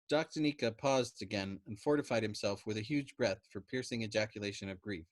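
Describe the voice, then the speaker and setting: Casting: male storyteller, expressive narration with a lively, swinging pitch. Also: a little fast, few pauses, dry recording. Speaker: storytime host reading a novel. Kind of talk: expressive book reading.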